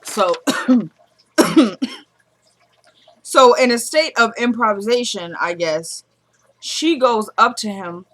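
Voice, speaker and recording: A woman recaps a TV episode in a loose, chatty way, running through the story as though talking to friends. Her voice is bright and forward. She slips into the characters' lines as she goes. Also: on the high side, animated, slow, pauses often. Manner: chatty storytelling, acting out quotes. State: hyped up in the morning.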